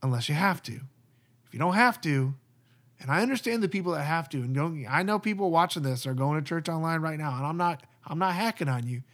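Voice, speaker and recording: A man's voice: a little high, animated, fairly quick, fairly bright tone. A man, a pastor, talking earnestly and conversationally about church community. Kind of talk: casual podcast talk.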